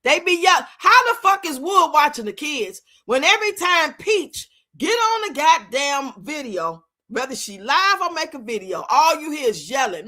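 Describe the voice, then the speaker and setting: A woman's voice: high voice, very animated, normal speed, hardly any pauses, pushed and bright. A woman streamer giving blunt, profane commentary in a casual live-stream rant. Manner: blunt, profane, rants and scolds with lots of swearing. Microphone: streaming mic.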